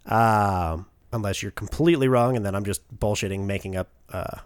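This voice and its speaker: A man's voice: lowish voice, normal speed, smooth, dry recording, clean studio sound. A man co-hosting a podcast, chatting casually about upcoming films, rambling and trailing off, with frequent laughs. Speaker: podcast co-host. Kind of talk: casual chat.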